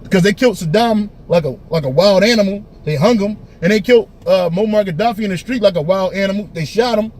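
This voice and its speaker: High raspy guy preaching hard, keeps saying man. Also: fast, hardly any pauses, a little mellow. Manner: emphatic, repeats "man", restarts phrases. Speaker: teacher. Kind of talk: preaching street-style commentary.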